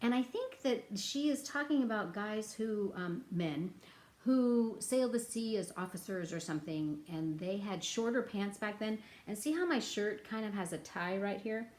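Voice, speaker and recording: Her voice is mid-range, animated and somewhat dark, moving at a moderate pace. She's teaching a children's music lesson in an echoey room with a ukulele, bantering with the kids and breaking into sing-along nursery rhymes.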